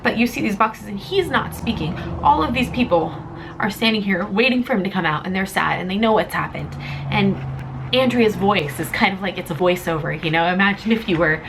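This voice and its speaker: A woman's voice: mid-range voice, brisk, creaky, background noise. Emotional young woman reviewing a comic. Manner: emotional, rambling, tearful at times. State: close to tears. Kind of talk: casual vlog review.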